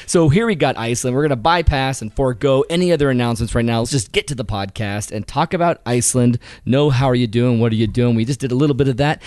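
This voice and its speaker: Man, podcast co-host, animated and laughing, voice still recovering after illness, dry close-miked sound. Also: mid-range voice, no room sound. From Utah. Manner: animated, laughs often, voices quoted people. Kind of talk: casual podcast chat. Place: small new home studio.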